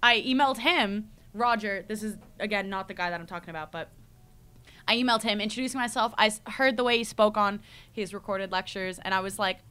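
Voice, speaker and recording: Bright-voiced woman telling a story. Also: mid-range voice, brisk, clean tone. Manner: rambling, animated storytelling with frequent "like" and laughs. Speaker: podcast host, university student. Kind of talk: casual chat.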